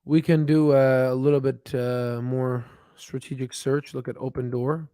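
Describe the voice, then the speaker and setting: A man's voice: medium pitch, flat delivery, a little slow, dark tone, smooth, dry recording. Guy rambling through stock charts on a live stream, lots of um and uh, dry sound. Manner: rambling, filler-heavy, thinks aloud with restarts. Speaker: stock market livestream host. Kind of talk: casual live chat while reading charts.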